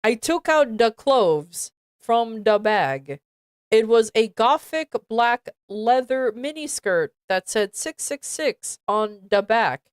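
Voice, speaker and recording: A woman's voice: a little high, animated, slow, smooth, dry recording, clean studio sound. A woman streamer reading a badly written fan fiction aloud, stumbling over misspellings and breaking off into exasperated asides.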